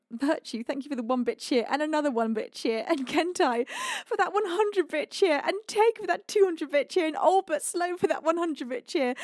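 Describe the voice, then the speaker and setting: A British woman hosting a live music stream, chatting casually, giggling and warmly thanking viewers as she reads their messages. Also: high voice, no room sound, clean studio sound. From United Kingdom. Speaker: singer and livestream host. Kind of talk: casual livestream chat reading out viewer messages.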